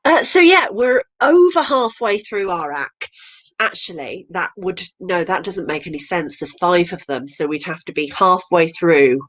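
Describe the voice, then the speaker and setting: Rambling, hesitant woman host, low voice. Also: lively intonation, unhurried, hardly any pauses, a bit bright. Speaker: comedy night host. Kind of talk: casual live-stream hosting. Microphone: home video call.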